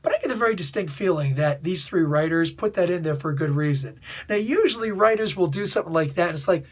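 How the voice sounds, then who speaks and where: Man, husky voice, slightly high, casual comic book review, chatty, rambling, laughs a lot. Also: lively intonation, quick pace, hardly any pauses. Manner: chatty, laughs often, asks "you know what I'm saying?"; rambling, with restarts and asides.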